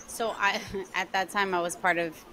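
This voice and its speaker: A woman co-hosting a podcast, talking in a lively, casual way and laughing between remarks. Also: on the low side, moderate pace, slight background noise. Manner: animated, laughing. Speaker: podcast co-host. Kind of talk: casual conversation.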